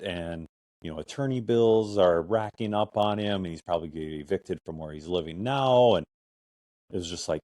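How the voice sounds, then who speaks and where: A man's voice: sits low, normal speed, darkish tone, no room sound. A middle-aged man hosting a podcast, telling a personal story in a casual, rambling way full of "I'm like" and "or whatever". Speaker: podcast host.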